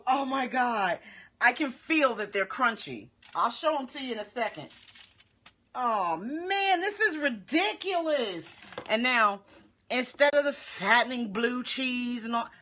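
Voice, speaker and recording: A woman hosting a casual live cooking demo, chatting and tasting food as she talks to viewers. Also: a little high. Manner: chatty and expressive, talks with her mouth full. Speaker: home cooking livestream host. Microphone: phone livestream.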